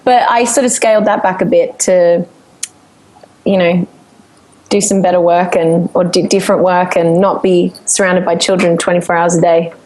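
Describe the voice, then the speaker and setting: An Australian woman, a singer and vocal coach, telling stories in a chatty, animated way during a casual interview. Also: lowish voice, normal speed, rough recording. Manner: chatty, animated storytelling with frequent laughter.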